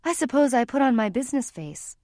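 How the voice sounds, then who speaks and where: A woman's voice: high voice, lively intonation, fairly quick, darkish tone, no room sound, clean studio sound, pitched above the performer's own voice. A woman narrator voicing a worried, tired middle-aged mother who talks in a strained, pleading way near tears. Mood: weary.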